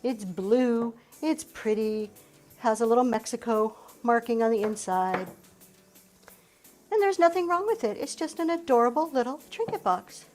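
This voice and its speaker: A woman's voice: a little high, animated, normal speed, darkish tone, soft background music. A middle-aged woman from Pennsylvania, hosting a live reselling auction in an upbeat, chatty way and thanking her viewers as she goes. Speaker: live-stream reseller host. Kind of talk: live auction selling chat.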